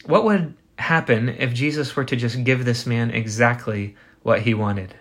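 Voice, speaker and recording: Earnest and medium-pitched, a pastor preaches a sermon built on rhetorical questions, slowing down for emphasis.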